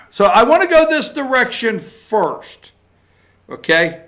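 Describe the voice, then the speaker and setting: A man's voice: sits high, sing-song, moderate pace, a bit bright. A man giving a political opinion monologue as a show regular, emphatic and repetitive, tagging his points with "okay?". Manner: emphatic, repeats points, tags lines with "okay?". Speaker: political commentator.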